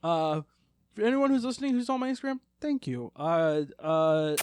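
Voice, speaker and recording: A man's voice: on the high side, expressive, normal speed, a little mellow, slight background noise. A man co-hosting a podcast in loose, rambling casual chat, swearing now and then. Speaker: podcast co-host.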